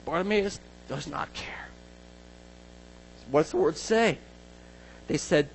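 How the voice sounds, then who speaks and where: A man preaching a sermon, dramatic, acting out scripture voices and swinging between hushed lines and shouts. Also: on the high side, animated, takes it slowly, long pauses, low-quality recording.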